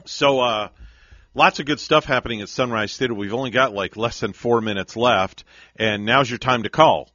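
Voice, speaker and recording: A man's voice: mid-range voice, pushed and bright, no room sound. Upbeat male radio host, lo-fi sound. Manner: upbeat, quick to laugh. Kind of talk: casual radio chat. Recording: muffled broadcast audio.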